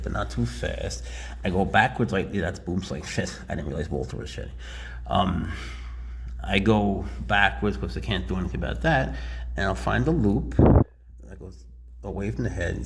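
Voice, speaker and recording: A man casually explaining and handling his snakes in a relaxed, rambling vlog indoors. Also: fairly low pitch, vocal fry, slight background noise. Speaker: reptile keeper. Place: warm indoor room with high ceilings.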